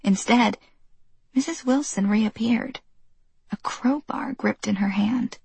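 A woman reading a novel aloud in even, measured audiobook narration. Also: medium pitch, vocal fry, a little hiss or hum.

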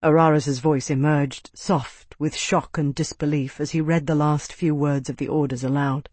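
A man's voice: fairly high pitch, steady tone, moderate pace, a little mellow, dry recording. Man narrating an audiobook, dry close sound. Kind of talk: scripted narration.

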